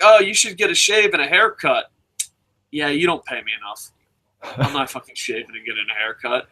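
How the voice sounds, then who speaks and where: A man's voice: high-pitched, pushed and bright. A man co-hosting a wrestling news show, ranting bluntly and profanely in casual chat.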